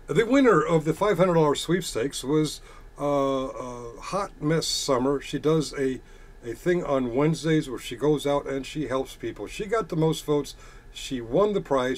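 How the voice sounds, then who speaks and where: Sarcastic, combative man with a higher voice. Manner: reads chat messages aloud and retorts. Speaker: streamer answering chat comments. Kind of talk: casual ranting monologue.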